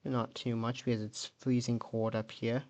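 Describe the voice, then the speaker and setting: A man's voice: medium pitch, level tone, moderate pace, a little mellow. A man casually narrating an alternate-history map video, thinking aloud and correcting himself as he goes.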